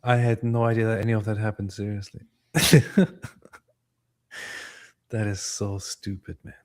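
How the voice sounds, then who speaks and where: A man from Turkey co-hosting a livestream, reading viewer comments aloud in a relaxed, chatty way. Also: lowish voice, fast. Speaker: co-host reading chat. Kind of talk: casual livestream chat.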